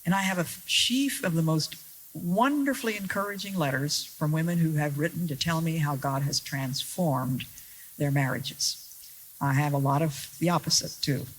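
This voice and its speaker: A woman preaching a sermon to an audience, earnest and deliberate, with wry rhetorical questions and stressed key words. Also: low voice, husky, low-quality recording. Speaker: Christian speaker.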